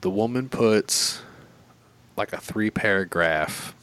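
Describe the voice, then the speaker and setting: A man's voice: lowish voice, slow pace, fairly bright tone. A man telling a long story in casual, profane and rambling chat.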